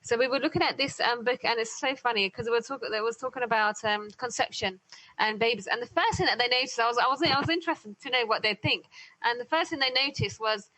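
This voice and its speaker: A woman's voice: on the high side, quick pace, sharp tone, low-quality recording. A woman hosting an interview, speaking casually and hesitantly with many fillers and restarts. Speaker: podcast host and interviewer.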